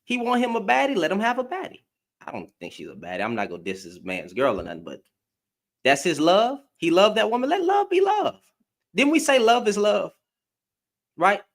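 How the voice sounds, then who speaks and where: A man's voice: high voice, very animated, a little fast, fairly bright tone. A man giving a blunt, profane opinion rant to camera, firing off rhetorical questions as a commentary vlogger.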